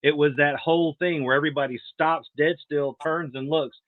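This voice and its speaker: A man with a Southern US accent tells relaxed, anecdotal stories in a casual chat. His voice sounds thin and tinny, as if on a phone line, with no room echo. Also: fairly high pitch, a little fast. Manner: easygoing anecdotal storyteller.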